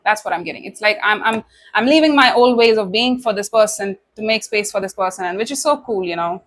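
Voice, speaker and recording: A tarot reader gives a casual reading to camera, addressing the listener directly with warmth, emotion, many asides and plenty of "you know"s. Her voice is medium pitched and fairly quick.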